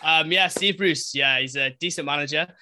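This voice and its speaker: A young man from Newcastle, a podcast guest giving blunt, animated football opinions in casual chat. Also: on the high side, moderate pace, a little hiss or hum. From Newcastle, England.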